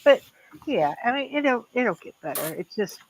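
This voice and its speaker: An older woman, a guest in a casual chat, talking haltingly with many restarts about a loss. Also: on the high side, sing-song, background noise.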